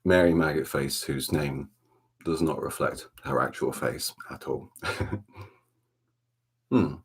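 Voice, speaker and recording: A man with a Welsh accent hosting a relaxed ASMR livestream from a dark room at home, chatting softly and greeting viewers by name. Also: a bass voice, slow, husky. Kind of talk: soft-spoken ASMR chat.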